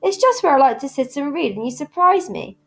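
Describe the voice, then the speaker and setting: An earnest, bookish young girl in a storybook, read by a woman. She speaks thoughtfully and a little awkwardly, in a fairly high voice. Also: very animated, fairly quick, gravelly, heavily acted. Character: thoughtful, earnest girl who loves books.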